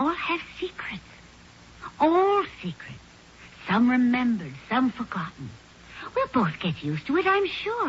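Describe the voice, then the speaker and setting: An actress playing a calm, reassuring spinster cousin in a radio drama, on a dull old broadcast with faint hiss. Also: female voice, on the high side. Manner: soothing, reassuring, then alarmed. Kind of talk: 1970s radio drama acting.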